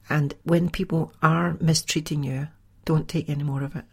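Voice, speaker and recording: Chatty woman with a gravelly voice. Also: sits low, moderate pace, hardly any pauses. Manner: chatty, animated, with sighs and laughs. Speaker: podcast host. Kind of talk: casual storytelling monologue.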